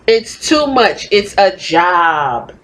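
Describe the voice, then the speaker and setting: A woman's voice: fairly low pitch, big pitch swings, extremely slow, a bit bright, rough recording. Woman, podcast host, exasperated profane rant, faint noise behind.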